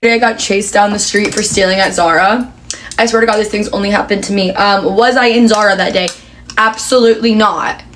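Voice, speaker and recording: A young woman telling a casual storytime vlog, animated and exasperated. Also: medium pitch, a little fast, a little hiss or hum.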